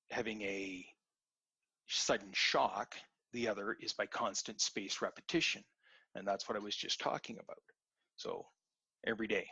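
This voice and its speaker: A man's voice: on the low side, sharp tone, breathy edge, dry recording, dull audio. A man giving an earnest, repetitive motivational talk in an online webinar. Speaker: webinar presenter.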